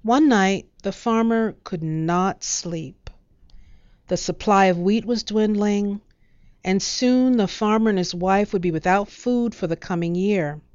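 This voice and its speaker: Woman storyteller, measured and expressive, smooth and dry. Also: medium pitch, no room sound, dull audio. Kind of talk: storybook narration.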